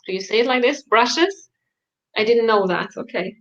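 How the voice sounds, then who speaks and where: A woman's voice: fairly high pitch, quick pace, lo-fi sound. A woman guest in a casual livestream chat, hesitant and searching for her words.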